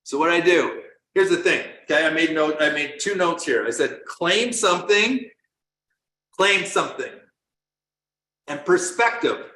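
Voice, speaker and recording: A middle-aged man from Canada, a coach giving an earnest motivational talk, telling stories that swing from quiet to loud. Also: fairly high pitch, moderate pace. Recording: roomy echo.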